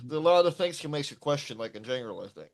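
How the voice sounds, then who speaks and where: A man co-hosting a casual livestream, telling stories in a chatty, animated way. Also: fairly high pitch, very fast, gravelly.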